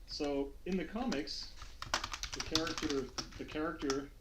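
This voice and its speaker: A man's voice: on the high side, unhurried. A man hosting a streamed tabletop game, chatting loosely with many fillers and restarts before the recap. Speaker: game master. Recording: noisy online call with keyboard clicks.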